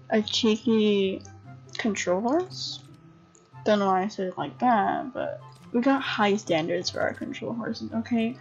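A tired young woman giving casual commentary on a horse game, chatty and excitable, swearing freely and breaking into gasps and laughs. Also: fairly high pitch, breathy edge. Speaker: gamer commentator. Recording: dull lo-fi home recording with faint game music.

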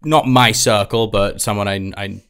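A man in his thirties, a podcast guest in casual chat, telling candid stories with plenty of swearing and halting restarts. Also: fairly low pitch, fairly even intonation, fairly bright tone, clear, resonant tone.

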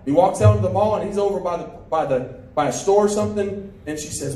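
A pastor telling a story during a sermon, full of restarts and questions to the congregation. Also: male voice, sits high, quick pace, few pauses, dark tone. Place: church sanctuary. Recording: roomy church sound from a distance.

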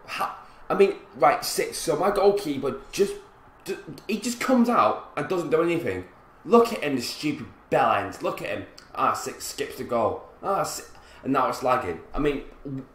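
A man commentating his own football video game play, frustrated and swearing, with sudden loud outbursts. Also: medium pitch, expressive, normal speed. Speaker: gaming commentator. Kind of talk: gameplay commentary. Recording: roomy echo.

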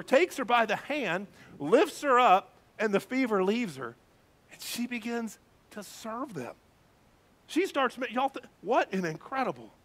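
A male pastor preaches with animated emphasis and often addresses the congregation directly. His voice sits high for a man. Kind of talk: sermon.

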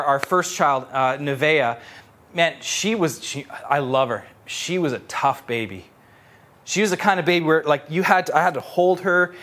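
A young adult male pastor preaching a sermon with animated storytelling, repeating phrases for emphasis. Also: on the high side.

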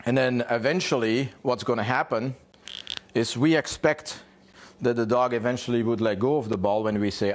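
A man teaching dog owners in a blunt, animated way, swearing freely and checking in with "yeah?". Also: medium pitch, normal speed. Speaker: dog trainer. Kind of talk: informal teaching talk.

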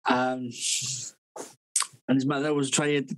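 A man's voice: mid-range voice, little pitch movement, slow, rough recording. A man, a podcast co-host, telling a long rambling story full of swearing and laughter in a casual chat.

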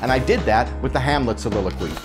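A man in his sixties telling stories in a casual interview, now and then bursting into rapid-fire tongue-twisters. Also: mid-range voice, lively intonation. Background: background music.

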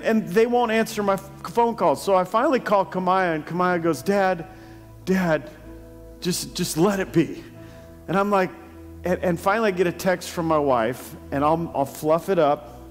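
A pastor spins a long personal story from the pulpit, laughing along at himself. His voice sits high for a man. The sound carries a long church-hall reverb. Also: normal speed, faint music behind.

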